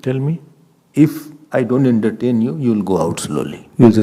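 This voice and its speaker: A man giving a spiritual discourse as a swami, animated and laughing often as he acts out everyday scenes. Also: mid-range voice, normal speed, slightly rough. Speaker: swami giving a scripture talk.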